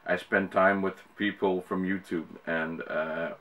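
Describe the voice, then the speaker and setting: Dutch guy, low voice, american-ish english, lots of uhs and restarts, chatty vlog. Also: steady tone, a little slow, fairly bright tone. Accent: Dutch speaker with an American-sounding English accent. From Netherlands. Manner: rambling, many fillers and restarts. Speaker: YouTuber. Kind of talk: casual talk to camera.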